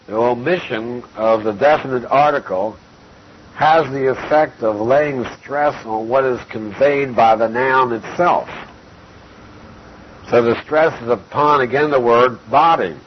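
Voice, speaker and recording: Man teaching scripture on a dull recording. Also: mid-range voice. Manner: measured, methodical, quotes scripture verse by verse. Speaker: Bible teacher. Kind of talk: expository Bible teaching. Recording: dull lo-fi recording with faint hiss.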